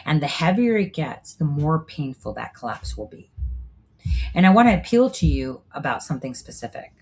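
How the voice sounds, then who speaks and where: A woman's voice: sits low, big pitch swings, normal speed, darkish tone, husky. A woman hosting a show, delivering a preachy, profane monologue full of rhetorical asides. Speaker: show host. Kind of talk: monologue commentary.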